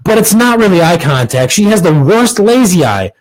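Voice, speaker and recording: A man's voice: sits high, sing-song, normal speed, a little hiss or hum, low-quality recording. A young man hosting a podcast, doing a crude, sarcastic comic monologue and restarting lines now and then. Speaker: podcast host.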